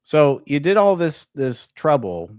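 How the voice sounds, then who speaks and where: A man's voice: fairly high pitch, sing-song, unhurried, a little mellow, no room sound, studio quality. A man hosting a casual reaction commentary, talking in a profane, incredulous way. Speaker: commentary host.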